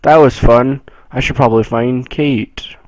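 Young man, gameplay commentary, excitable, jumpy, dry close mic. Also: mid-range voice, a little slow, no room sound, rough recording. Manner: jumpy, excitable, swings from mumbling to yelling. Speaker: gameplay streamer.

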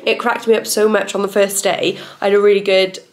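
A woman's voice: mid-range voice, little pitch movement, a little fast. A young woman chatting casually to camera in a holiday lodge, bubbly and full of fillers. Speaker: vlogger. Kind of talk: casual vlog chat.

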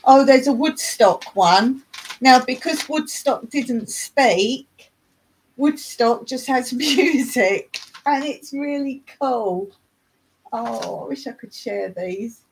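A woman's voice: sits high, takes it slowly, slight background noise, low-quality recording. A middle-aged woman from England, hosting a casual live chat, talking in a chatty way, reading aloud and singing snatches of songs. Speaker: livestream host.

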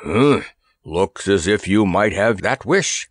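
A man voicing a pompous, grumpy male elephant in a storybook, with a gruff, sarcastic, grumbling manner. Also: on the low side, expressive, slow pace, dry recording, studio quality, full character voice. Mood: anxious. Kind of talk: audiobook character voice.

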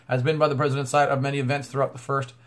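A man's voice: mid-range voice, little pitch movement, fairly quick. A man talking straight to camera in a religious commentary vlog, breaking into exclamations and repeating words as he goes. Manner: exclamatory, bursts of "oh" and "wow". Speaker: YouTube commentator.

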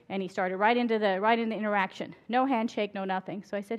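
A woman's voice: medium pitch, fairly even intonation, fast, hardly any pauses. A middle-aged woman, an emergency physician, giving a candid conference talk full of stories and laughing at her own stories. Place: conference hall before an audience.

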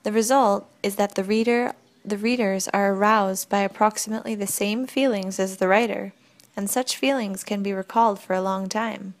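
Woman narrator as a patient, wise young forest woman; slightly gravelly, quiet explaining. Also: medium pitch, steady tone, normal speed, lightly acted. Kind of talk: audiobook reading.

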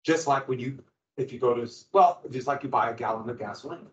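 A man teaching a history class, lecturing in an animated way and quizzing his students as he goes. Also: mid-range voice, quick pace, a little hiss or hum. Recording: echoey room, dull lo-fi sound.

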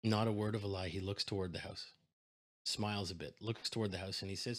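A man's voice: on the low side, fairly even intonation, quick pace. A man giving a keynote speech, telling a story and acting out both sides of the phone calls. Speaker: keynote speaker.

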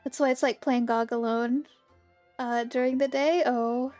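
A woman streaming a game and chatting casually with her viewers, bubbly and greeting them by name, with a slightly hoarse morning voice. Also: fairly high pitch, fairly even intonation, a little slow, darkish tone, soft background music. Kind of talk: casual livestream chat.

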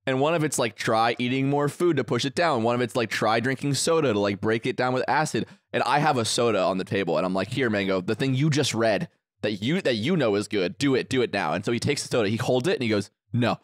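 A man's voice: mid-range voice, fast talker, dry recording, clean studio sound. A man co-hosting a podcast, telling a story in casual chat, acting out the quotes and swearing freely. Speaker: podcast co-host.

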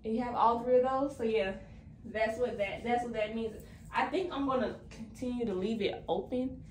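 A woman's voice: fairly high pitch, moderate pace. Breathless young woman vlogging, echoey room. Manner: chatty, addresses viewers as "y'all", many fillers. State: slightly out of breath. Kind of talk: casual vlog chat. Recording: echoey room, faint background noise.

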